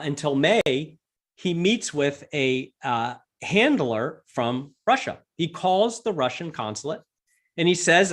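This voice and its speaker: Amused, lively man telling a story. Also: on the high side. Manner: lively, amused, many fillers and restarts. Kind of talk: animated storytelling. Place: virtual event, remote call.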